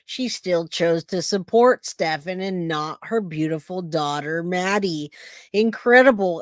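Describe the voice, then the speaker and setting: A woman's voice: medium pitch, no echo. Woman hosting a live stream, gets fired up and emphatic, reads chat comments, dry close audio. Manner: heated, emphatic, reads out viewer chats. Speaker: livestream host. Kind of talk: casual livestream commentary.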